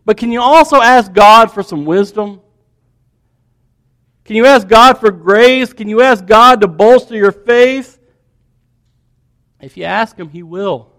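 Animated high-voiced male preacher. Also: measured pace, pauses often. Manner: animated storytelling preacher, dropping to soft hushed tones. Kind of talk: sermon.

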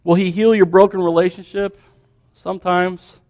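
A man preaching a sermon, building questions in a row and dropping to a soft hush. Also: high voice, normal speed, lo-fi sound. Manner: animated storytelling preacher, dropping to soft hushed tones.

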